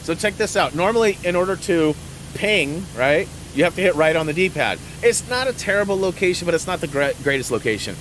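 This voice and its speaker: Slightly high and brisk, this middle-aged man's voice comes with a bit of background noise. Hosting a gaming channel, he keeps up casual commentary over gameplay, an animated storyteller who acts out quotes and laughs frequently.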